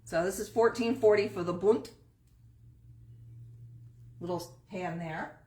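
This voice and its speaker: Speaking slowly in a darkish, mid-range voice, a woman runs a live-stream sales pitch from her antique shop, chatting through the pieces and what they cost. The room gives the audio noticeable echo.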